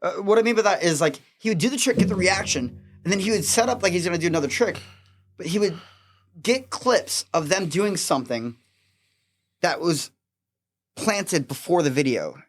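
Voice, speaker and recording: Lively laughing man telling stories. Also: high voice, moderate pace. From Florida, USA. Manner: animated, laughing storyteller. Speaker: podcast guest, magician. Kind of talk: casual podcast chat.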